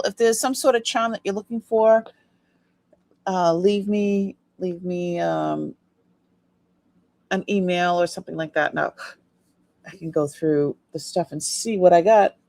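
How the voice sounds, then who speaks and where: This woman's voice sits at a medium pitch and sounds a little mellow. Drowsy and yawning, she shows jewelry on a live stream, chatting loosely and letting her sentences drift off with filler words.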